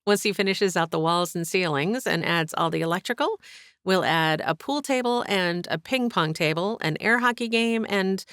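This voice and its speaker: A bubbly young innkeeper mom chatters on in a bright, welcoming way, as a woman narrator lifts her voice to play her. The audiobook reading is close and dry, with no room sound. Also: lowish voice, moderate pace, clear, resonant tone, no room sound. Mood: cheerful.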